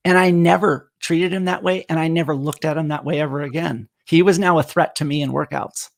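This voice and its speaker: Gravelly, higher-pitched male coach telling stories. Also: brisk. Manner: animated anecdote-teller who acts out quoted dialogue. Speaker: running coach, guest. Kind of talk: casual storytelling on a live stream.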